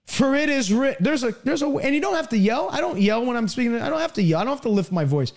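High-voiced emphatic male preacher. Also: big pitch swings, quick pace, a little mellow. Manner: emphatic, swings between high pleading and low asides. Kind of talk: broadcast sermon.

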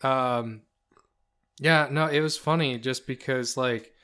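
Deadpan, teasing young man. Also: mid-range voice, takes it slowly, smooth. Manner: deadpan teasing, animated when telling a story. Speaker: podcast co-host. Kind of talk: casual chat, storytelling.

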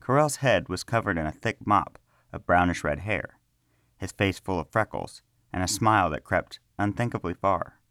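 Deep-voiced man narrating a fantasy tale. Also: lively intonation, normal speed, a bit bright, no echo, clean studio sound. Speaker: storyteller.

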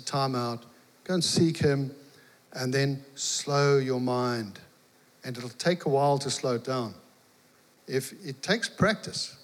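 A man preaching, telling a lively personal story and acting out the dialogue. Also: fairly high pitch. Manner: animated storyteller, acts out dialogue, laughs. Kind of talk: storytelling sermon. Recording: long hall reverb.

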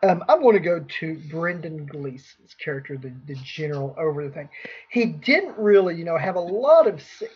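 A man with a husky, slightly higher voice and lively intonation hosts a loose movie podcast at a moderate pace. He rambles easily from point to point through casual review chat, restarting often, and the recording sounds dull and lo-fi.

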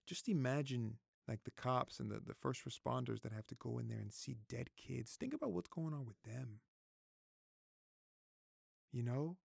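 A man's voice: medium pitch, expressive, moderate pace, vocal fry, slightly rough, no room sound, clean studio sound. A man in his thirties giving his opinions in a casual vlog, repeating himself, swearing freely and fighting back tears. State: close to tears. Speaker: vlogger. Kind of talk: casual opinion talk to camera.

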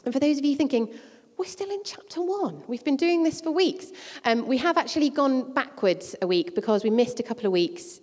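A woman's voice: fairly high pitch, a little mellow. A woman preaching a sermon and reading scripture, talking conversationally with casual asides and the odd filler. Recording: long reverb of a large hall.

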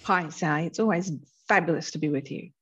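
A woman guest therapist explaining with expressive energy and vivid everyday analogies. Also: low voice, fairly quick, breathy edge, highs cut off. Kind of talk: animated explanatory interview talk.

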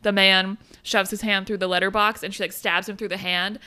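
A woman's voice: medium pitch, flat delivery, fairly quick, sharp tone, clear, resonant tone, no room sound. A young woman co-hosting a podcast, chatting casually about a film, swearing freely and acting out the characters' lines. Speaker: podcast co-host. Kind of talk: casual chat recapping a film.

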